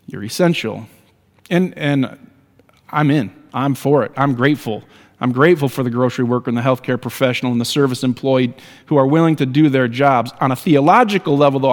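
A man's voice: mid-range voice, long reverb tail. A man preaching a sermon as a pastor, earnest and building to emphatic exhortation.

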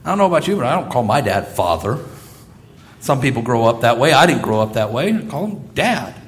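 A man preaching a sermon as pastor, telling stories with lively, acted-out quotes. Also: mid-range voice, fairly quick. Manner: animated storytelling, acting out quoted voices.

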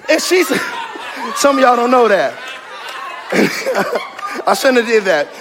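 A pastor preaching a sermon with loud, animated, joking emphasis, often near a shout, in a church sanctuary. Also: male voice, extremely high pitch, a little slow, long pauses. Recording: long reverb of a large hall.

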